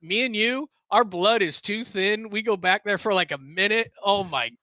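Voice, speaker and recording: A middle-aged man, a sports radio broadcaster, telling stories in an animated, casual chat. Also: sits high, moderate pace, dry recording. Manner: animated, bursts into shouts when quoting. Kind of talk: casual podcast chat, storytelling.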